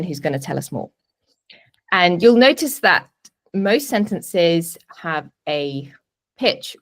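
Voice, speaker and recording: A woman presentation coach teaching a webinar from a home office, with clear, deliberate emphasis on key words. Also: fairly low pitch. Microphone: video call webinar.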